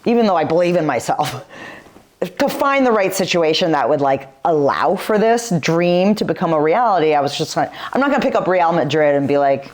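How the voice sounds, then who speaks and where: Podcast guest, woman in her 40s, low voice, chatty storyteller leaning on "like". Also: animated, fairly quick, darkish tone. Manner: chatty storytelling, filler-heavy "like". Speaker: guest, retired pro footballer. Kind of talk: podcast interview.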